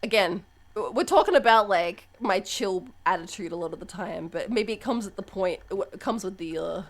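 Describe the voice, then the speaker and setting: A young woman streamer chatting candidly on a live stream, swearing freely and breaking into loud laughs. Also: medium pitch, lively intonation, moderate pace. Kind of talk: casual live-stream chat.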